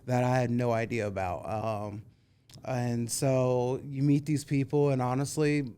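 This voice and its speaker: A man in casual podcast conversation, an animated storyteller who acts out the voices of people he quotes. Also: mid-range voice, unhurried. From Cincinnati area. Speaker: guest, former concert booker.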